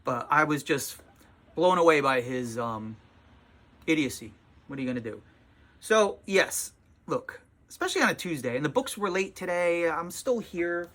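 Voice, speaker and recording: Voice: mid-range voice, expressive, normal speed, fairly bright tone. A tired comic shop owner talking in a casual vlog from the small shop, exasperated and sarcastic, swearing freely.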